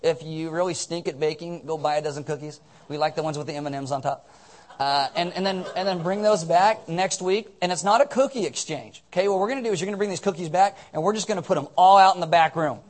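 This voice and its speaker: A man's voice: fairly high pitch, quick pace. A man leading a church service as pastor, rambling and joking through announcements while drowsy on cold medicine. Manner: rambling, joking, self-mocking. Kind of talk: casual sermon with announcements.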